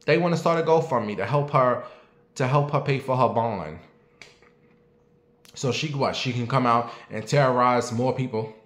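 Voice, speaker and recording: A man in his late thirties, speaking at an ordinary middle pitch, hosts a casual commentary show from home. He talks bluntly, swears freely and keeps asking his audience for their opinion. His voice echoes around the room. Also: moderate pace, long pauses, a bit bright. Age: late 30s. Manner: blunt, profane and talkative, asking the audience questions. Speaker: show host.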